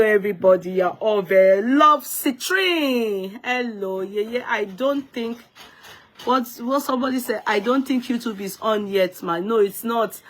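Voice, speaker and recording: A Nigerian woman hosts a live stream off the cuff. She talks emphatically and lectures her viewers, often repeating and restarting her words. She greets people one by one by name. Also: medium pitch. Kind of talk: unscripted live-stream commentary.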